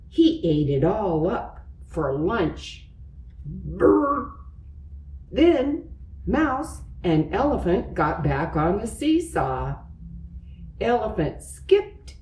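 A woman reading a children's picture book aloud slowly and expressively, acting out its sound effects. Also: on the low side, dark tone, recorded from a distance. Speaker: storyteller. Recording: roomy, away from the mic.

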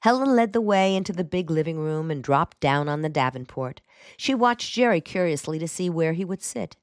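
In scripted audiobook narration, a low-voiced woman reads a novel with an even, measured delivery. The recording is dry and clean, studio-made.

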